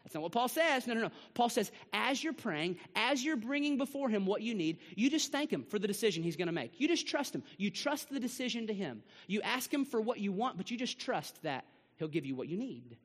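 A man preaching a sermon to his church, swinging between rising bursts and hushed drops. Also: high voice, big pitch swings, brisk, few pauses, big-room sound. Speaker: pastor. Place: church sanctuary.

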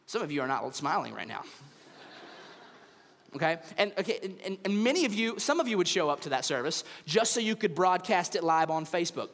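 Pastor, man, high lively voice, hall reverb, acts out bits. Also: fast. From United States. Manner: animated storytelling, acts out voices, humorous. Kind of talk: sermon. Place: church stage.

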